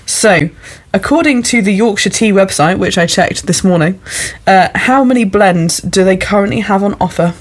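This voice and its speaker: A woman hosting a podcast and running a casual quiz with a guest, chatty, upbeat and quick to laugh. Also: mid-range voice. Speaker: podcast host.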